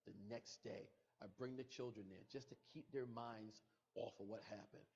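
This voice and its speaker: A man's voice: on the low side, fairly even intonation, normal speed, gravelly, a little mellow. A middle-aged man, a podcast guest, retelling a painful personal loss with emotion, repeating himself and quoting what people said. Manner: emotional, repetitive retelling with quoted dialogue. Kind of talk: personal storytelling. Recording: muffled podcast audio.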